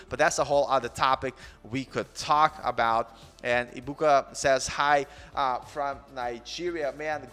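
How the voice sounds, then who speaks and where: A man's voice: mid-range voice, fairly bright tone, long reverb tail. A man in his forties hosting a coding channel in an earnest, rambling live-stream chat, peppered with "man". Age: 40s.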